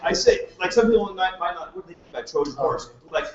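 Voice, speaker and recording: A man's voice: high-pitched, lively intonation, quick pace, slight background noise. A man presenting at a live business meeting, joking and chatty and asking the crowd questions. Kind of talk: casual sales pitch to a live audience. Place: meeting room with a live audience. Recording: echoey room, distant mic, dull sound.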